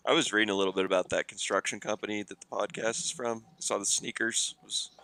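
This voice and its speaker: A man in casual podcast banter, deadpan and insistent as he teases. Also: on the low side, fast talker, vocal fry. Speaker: podcast co-host.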